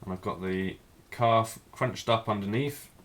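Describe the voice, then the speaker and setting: Low-voiced man teaching life drawing. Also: measured pace. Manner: relaxed, thinking aloud while drawing. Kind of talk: live drawing demonstration.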